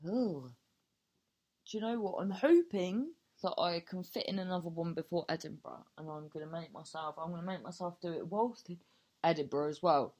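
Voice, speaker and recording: Hosting her own casual solo podcast, a comedian improvises a silly story, restarting a lot, swearing without restraint, and poking fun at herself. Her voice is fairly low and a little mellow, at a moderate pace.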